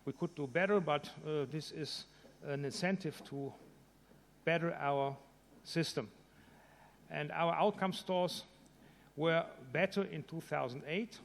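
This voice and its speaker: A man giving a conference presentation, halting with fillers and restarts. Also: on the high side, creaky. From Germany. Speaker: conference speaker. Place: conference hall. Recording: reverberant conference hall.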